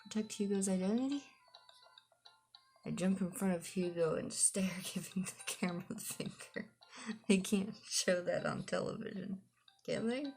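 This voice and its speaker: A woman's voice: lowish voice, fairly even intonation, normal speed, gravelly, darkish tone, faint music behind. A woman streamer reading a visual novel aloud, laughing in between and adding dry asides. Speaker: gaming streamer.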